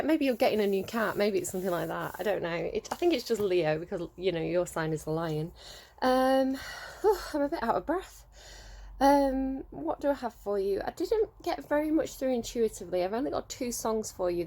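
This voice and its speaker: A woman in her thirties gives a casual tarot reading in a chatty, rambling way. She talks at an easy middling pitch and laughs often between her thoughts. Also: a little mellow. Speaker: tarot reader.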